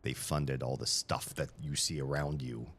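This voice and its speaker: A man's voice: extremely low pitch, fairly even intonation, normal speed, a bit bright, breathy edge. A tired man hosting a live stream in casual chat, rambling and joking with frequent stammered restarts, into a studio microphone in a room with shelves.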